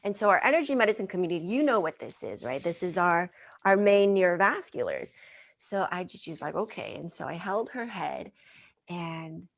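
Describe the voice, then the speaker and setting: A woman with a somewhat low voice tells a story in a gentle, earnest manner. She speaks as a guest in an interview and draws on her work as a mind-body wellness trainer. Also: expressive, normal speed.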